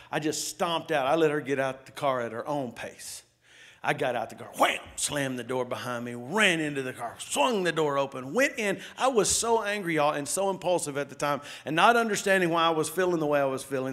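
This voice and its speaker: A middle-aged man preaching as a pastor, telling stories and asking the congregation questions, swinging between loud outbursts and hushed asides. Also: fairly high pitch. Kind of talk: sermon.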